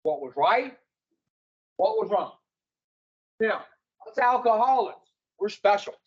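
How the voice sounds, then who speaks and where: A man's voice: high voice, animated, takes it slowly, dull audio. A man speaking to an addiction recovery group in a folksy, preaching way, putting rhetorical questions to his listeners.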